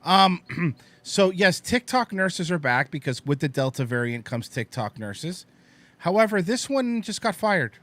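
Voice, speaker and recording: A man's voice: high-pitched, very animated, a little slow, a bit bright, no room sound. A man hosting a podcast in casual chat, wry and mocking as he reads donations and sets up clips. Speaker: podcast host.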